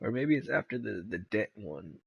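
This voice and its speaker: A man's voice: on the low side, sing-song, moderate pace, vocal fry, slightly rough, highs cut off. A man giving casual, rambling gameplay commentary, laid-back and swearing freely. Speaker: gamer.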